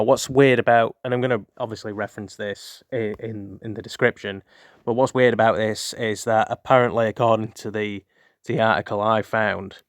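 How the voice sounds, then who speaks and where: A man's voice: fairly low pitch, dry recording, studio quality. A man hosting a casual spoken history show, rambling with many fillers and restarts. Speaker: host.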